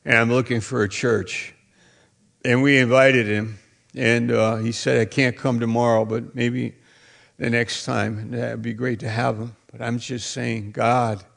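Male pastor, deliberate slow delivery, gravelly, emphatic sermon style. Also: medium pitch. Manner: emphatic preaching, repeats phrases, bursts into shouts.

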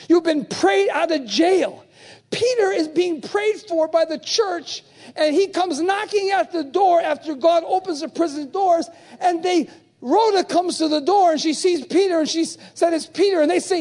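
A male pastor preaching at a convention with a very high voice. He swings between quiet storytelling and shouted refrains, checking in with the congregation over and over. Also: expressive, moderate pace. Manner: preaching with sudden shouted refrains and call-and-response questions. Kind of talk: sermon. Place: church convention hall.

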